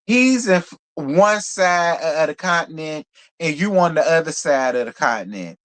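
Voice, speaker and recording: A man's voice: on the high side, moderate pace. Sassy, blunt man reviewing reality TV. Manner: sassy, blunt and profane, animated asides. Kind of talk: casual live commentary.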